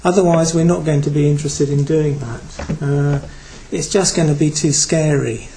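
Man, British, Buddhist teacher, dharma talk, reflective, hesitant, fillers, slightly high voice. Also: fairly even intonation, moderate pace, warm tone, slight background noise, rough recording.

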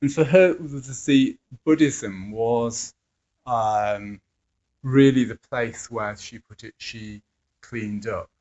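A man's voice: medium pitch, takes it slowly, a little mellow. A man, an addiction therapist who teaches mindfulness, telling anecdotes in a hesitant way with many fillers and chuckling asides. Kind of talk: anecdotal talk. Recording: dull lo-fi recording.

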